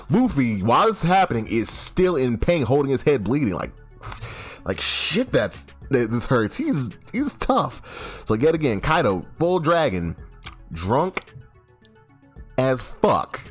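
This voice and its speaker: A man giving a casual, animated comic recap, swearing freely and often restarting his sentences. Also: medium pitch, measured pace, husky. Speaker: YouTube host. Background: faint background music.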